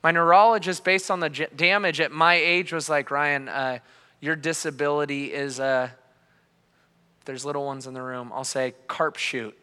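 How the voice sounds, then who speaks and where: A pastor in his thirties delivers a sermon, moving from hushed to fervent as he tells his story. His voice is bright, a little high and smooth. It rings out with a long reverb in a church hall. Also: fairly even intonation, moderate pace. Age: 30s. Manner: passionate storytelling, swings between quiet and loud.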